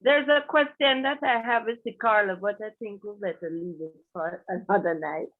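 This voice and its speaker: A woman taking part in a class on a video call, speaking politely and softly. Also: mid-range voice, moderate pace. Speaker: class participant. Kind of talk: casual talk on a video call. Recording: tinny phone-like video call audio.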